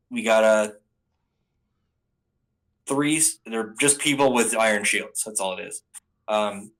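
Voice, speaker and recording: A man's voice: fairly low pitch, fairly bright tone, rough recording. Rambling casual male anime reviewer. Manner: rambling, with frequent ums and restarts. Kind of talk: casual spoken recap.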